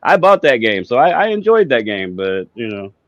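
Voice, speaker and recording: A man's voice: medium pitch, normal speed, no room sound, highs cut off. A man co-hosting a casual gaming podcast, telling stories animatedly, laughing often and acting out what others said. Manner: animated storyteller, laughs often, acts out quotes. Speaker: podcast co-host.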